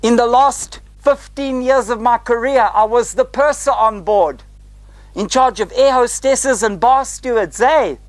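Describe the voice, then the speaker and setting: A South African man in his sixties, a retired flight attendant guiding a group through a parked airliner in a lively, theatrical way, tagging his lines with "eh?". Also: extremely high pitch, unhurried, poor audio. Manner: lively, theatrical, tag questions like "eh?". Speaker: tour guide. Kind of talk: guided tour talk to a group. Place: inside a parked airliner cabin.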